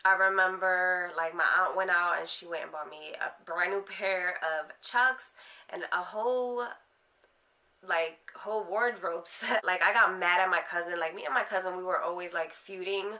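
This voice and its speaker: A woman's voice: fairly low pitch, steady tone, normal speed, bright, forceful tone. A young adult woman frankly recounting her own life story in a casual interview, full of fillers. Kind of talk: candid personal storytelling.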